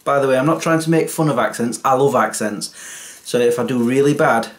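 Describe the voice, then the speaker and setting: A man's voice: medium pitch, fairly quick. A man chatting casually in a comedy vlog, self-deprecating and chatty. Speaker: vlogger.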